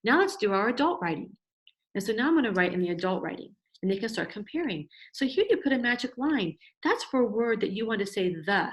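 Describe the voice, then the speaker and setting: A woman teacher in an instructional video for parents, praising a child's writing and slowly sounding out letters and words. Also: mid-range voice, sing-song.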